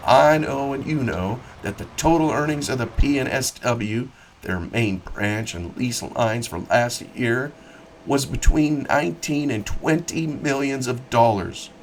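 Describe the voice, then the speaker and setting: A man's voice: mid-range voice, a little slow, slight background noise, voice pushed up, lightly acted. A man reading aloud, voicing an angry, outspoken man who argues heatedly about railroad rates. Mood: furious. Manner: heated, emphatic.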